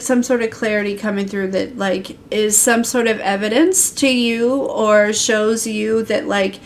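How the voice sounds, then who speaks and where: A woman's voice: fairly high pitch, a little hiss or hum. Chatty woman giving a tarot reading. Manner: chatty, laughs often, lots of fillers. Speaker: tarot reader. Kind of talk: casual livestream tarot reading.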